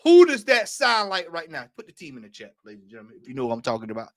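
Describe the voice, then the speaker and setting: A man hosting a casual late-night fan livestream, reading aloud and talking to his chat in an animated way. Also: on the high side, racing, no room sound, clean studio sound. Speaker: fan channel host.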